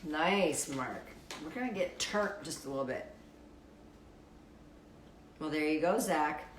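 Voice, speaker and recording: A woman with a deep, raspy voice hosting a casual live stream, reading out fun facts and viewer comments in a wry, playful way, swearing freely. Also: expressive, unhurried, reverberant, a little hiss or hum, low-quality recording.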